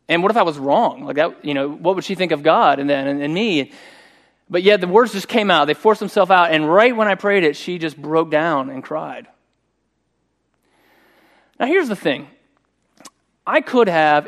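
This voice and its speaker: A middle-aged man preaching a sermon, telling a personal story in a conversational, animated way. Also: fairly high pitch. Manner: conversational and animated, voicing quoted speech. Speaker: pastor.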